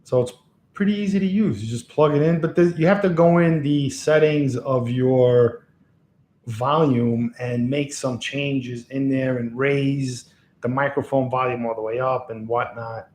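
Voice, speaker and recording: This man's mid-range voice is a little mellow, with fairly even intonation and a slightly slow pace, plus a little hiss or hum. He rambles and chuckles often on a casual livestream, speaking into an XLR mic on a box in his lamp-lit room at home.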